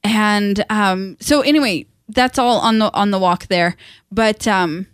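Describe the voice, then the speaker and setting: A woman talks through a book chapter in a relaxed, chatty way, slipping into short quoted voices for the characters. Her pitch sits in a middle range. The sound is dry and close, with almost no room echo. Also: smooth. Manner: chatty, retells scenes with quick quoted voices, laughs often. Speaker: book discussion co-host. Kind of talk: casual chat. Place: home.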